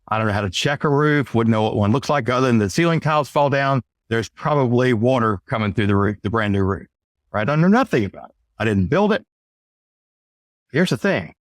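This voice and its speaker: A man in the role of a sales trainer, telling a casual story straight to his listeners. He is blunt and emphatic, drops mild curses, and keeps checking in with a quick "right?". His middle-pitched voice is captured dry and close, with no room sound around it. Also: no echo. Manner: conversational, often asks "right?".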